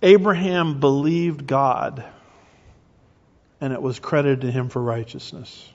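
A middle-aged man with a mid-range voice preaches emphatically in a sermon-style teaching, speaking slowly with fairly even intonation. He asks rhetorical questions and keeps restarting his phrases. The recording sounds muffled and carries a long reverb.

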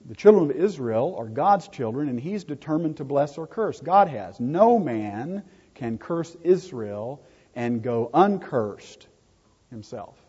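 A man's voice: mid-range voice, big pitch swings, unhurried, warm tone, slightly rough. A man preaching a sermon, emphatic and repeating key words for stress. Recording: dull lo-fi recording in a reverberant hall.

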